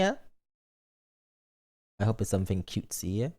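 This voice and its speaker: A man's voice: medium pitch, big pitch swings, normal speed, darkish tone. A man streaming and chatting casually in a playful, rambling way, reading chat messages aloud. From lives in Britain, not British.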